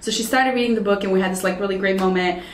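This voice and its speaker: A woman in her thirties talks casually as an interview guest, spinning animated stories and slipping into the voices of the people she quotes. Her voice sits in a middle register and carries a roomy echo. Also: medium pitch, racing, a little hiss or hum. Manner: animated storyteller who acts out quoted dialogue. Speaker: radio and TV personality, interview guest.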